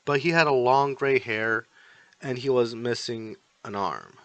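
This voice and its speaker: A man's voice: medium pitch, measured pace, fairly bright tone, dry recording, dull audio. A man voicing a brash, hot-tempered young man who snaps insults, in a fan story reading. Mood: scornful. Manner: scornful, snapping insults.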